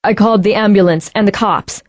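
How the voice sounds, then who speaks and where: A woman's voice: medium pitch, a little fast, a little mellow, no echo, close to an everyday voice. A woman narrator voicing a young man who speaks steadily and reassuringly, in close to her own voice. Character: helpful young man, calm neighbor.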